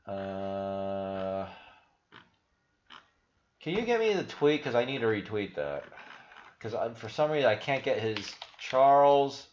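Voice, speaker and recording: A man's voice: fairly low pitch, big pitch swings, slow pace, pauses often, darkish tone, slight background noise. A man hosting a casual livestream with rambling, profane talk full of restarts. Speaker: crypto channel host. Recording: roomy, slightly dull sound.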